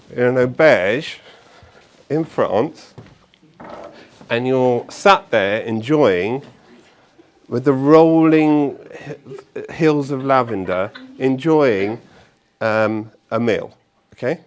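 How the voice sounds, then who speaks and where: A man speaking to an audience at a meetup, telling stories in a chatty, animated way with fillers and frequent tag questions. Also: medium pitch, very slow, pauses often, a little hiss or hum. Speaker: conference speaker. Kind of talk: live talk to an audience. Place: meetup event room.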